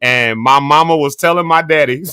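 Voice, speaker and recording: Animated man telling stories, laughing often. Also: on the high side, moderate pace, clean tone, dry recording. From Illinois, United States. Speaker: morning show host. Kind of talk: casual storytelling chat.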